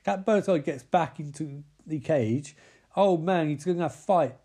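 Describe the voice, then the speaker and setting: Young guy ranting through a movie recap, high voice, sarcastic and sweary. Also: moderate pace, warm tone, husky. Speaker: comedic film recapper.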